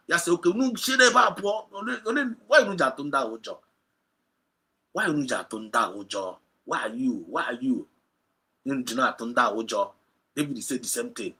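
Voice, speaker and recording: A man with a Nigerian accent preaching a sermon, switching between Igbo and English and building to loud, emphatic peaks. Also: mid-range voice. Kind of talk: sermon retelling a Bible story.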